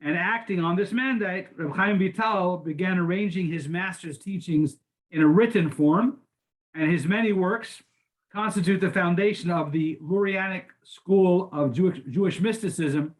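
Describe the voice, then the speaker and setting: A man's voice: sits high, moderate pace. An older man teaching a class, lecturing in an informal way with frequent restarts and repeated words. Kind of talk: conversational lecture.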